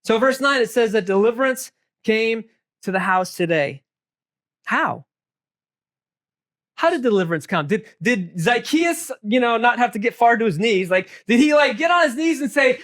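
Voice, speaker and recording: A man leading a Bible study group, animated and joking, asking the room questions. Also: very high voice, normal speed.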